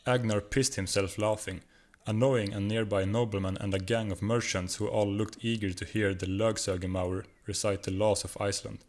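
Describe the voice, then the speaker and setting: Swedish guy narrating a funny short story, low voice, steady read. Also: normal speed, few pauses. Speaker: guest reader.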